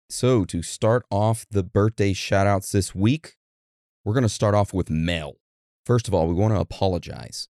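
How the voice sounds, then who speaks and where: A man co-hosting a casual podcast, joking around and reading out listener shout-outs in an animated way. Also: on the low side, no room sound, clean studio sound. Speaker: podcast co-host.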